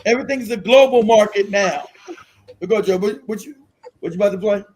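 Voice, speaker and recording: A man's voice: high-pitched, brisk, a little mellow, slight background noise, low-quality recording. A man hosting a livestream, giving blunt, profane political commentary and hammering his points home by repeating them. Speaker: host of a commentary stream. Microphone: streaming mic.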